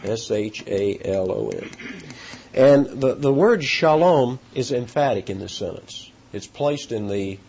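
A man preaching a sermon with animated delivery, his pitch jumping up for emphasis, with halting restarts. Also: a little hiss or hum. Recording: dull lo-fi sound.

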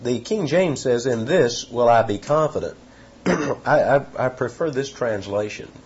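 A man's voice: mid-range voice, expressive, a little slow, a little mellow, husky. Man preaching a verse-by-verse sermon, dull recording. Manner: teaching verse by verse, emphatic repetitions. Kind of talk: expository sermon.

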